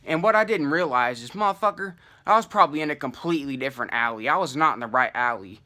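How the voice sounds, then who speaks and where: A young man telling a wild personal story in casual, profane slang, full of fillers and animated asides. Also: on the high side, fast.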